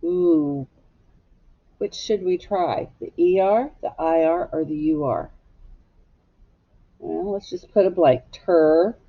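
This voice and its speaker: Woman teacher for a kids' phonics lesson, lowish gravelly voice, slow and patient, slightly dull recording. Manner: slow, patient, asks children to echo her words. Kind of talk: phonics lesson for young children.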